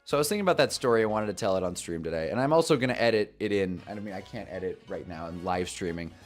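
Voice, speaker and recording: A young man hosting a football talk live stream, telling a story in a chatty, animated way and laughing at his own jokes. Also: sits low, fast, soft background music.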